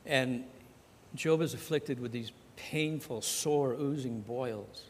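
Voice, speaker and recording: A man's voice: mid-range voice, slow, a little hiss or hum. A man preaching a sermon as pastor, talking conversationally and acting out the scripture dialogue. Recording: long hall reverb.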